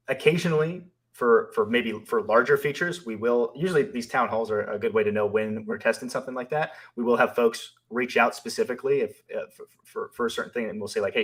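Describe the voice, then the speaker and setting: Reading out questions from viewers, this company founder and live stream co-host responds in a considered, halting way full of fillers. His voice is medium-pitched with a fairly bright tone.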